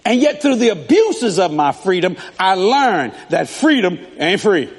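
A man preaching a sermon as pastor, telling stories in an animated way with laughs. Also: sits high, measured pace, breathy edge. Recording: echoey hall.

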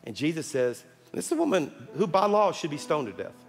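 A man preaching a sermon as pastor, building to loud calls at the congregation. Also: a little high, big pitch swings, brisk. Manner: preaching with rising shouts to the congregation. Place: large church sanctuary. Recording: long hall reverb with music underneath.

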